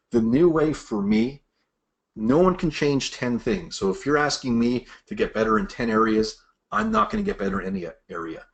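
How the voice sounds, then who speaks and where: A man's voice: medium pitch, moderate pace. A middle-aged man teaching sales managers in a master class, acting out what bosses and reps say. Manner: animated, acts out quoted bosses and reps. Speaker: sales leadership trainer. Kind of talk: presentation-style master class.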